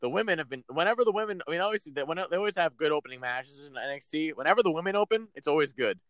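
Male co-host, halting and joking, casual chat, close dry mic. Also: fairly high pitch, expressive, a bit bright, no room sound. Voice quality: hesitant, many fillers, laughs. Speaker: podcast co-host.

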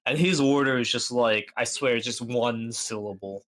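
A man's voice: medium pitch, normal speed, fairly bright tone. A young man co-hosting a podcast, rambling through a comic story with lots of fillers. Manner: rambling, filler-heavy, puts on voices in anecdotes. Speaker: podcast co-host. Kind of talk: casual comedic storytelling.

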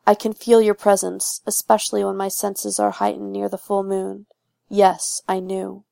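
A woman reading the lines of a guarded young male werewolf in a fan fiction audiobook, giving him a rough voice. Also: mid-range voice, flat delivery, normal speed, dark tone, dry recording.

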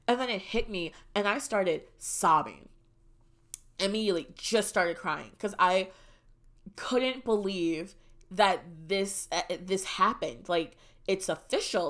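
A young woman hosting a podcast, telling a personal story in a casual, animated and dramatic way. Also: mid-range voice, normal speed. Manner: animated and dramatic, shrieks when reliving moments. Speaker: podcast host.

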